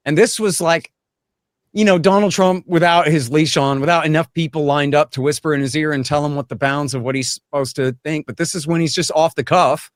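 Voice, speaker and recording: A man's voice: fairly high pitch, fairly even intonation, a little fast, no echo, clean studio sound. A man giving blunt, emphatic, opinionated political commentary as an interview guest.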